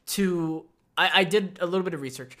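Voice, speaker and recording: A man's voice: high voice, brisk, bright, forceful tone. A man co-hosting a podcast, chatting casually about an anime with many fillers and restarts. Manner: rambling, frequent fillers and restarts. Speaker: podcast co-host.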